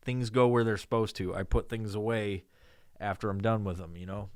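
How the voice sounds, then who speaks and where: Cast a man from New York, podcast host: foul-mouthed, ranting, joking, smooth clear voice, dry close mic. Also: lowish voice, steady tone, moderate pace, a little mellow, no room sound. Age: adult with a child. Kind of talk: podcast monologue.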